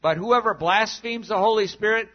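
A man preaching a sermon as a pastor, animated and sometimes dropping to a hushed voice for emphasis. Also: high voice, normal speed, lo-fi sound.

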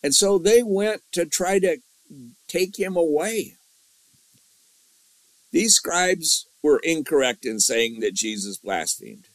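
A man's voice: a little high, expressive, slow pace, long pauses, no room sound, rough recording. Man teaching a Bible lesson. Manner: repeats key lines, asks the class questions.

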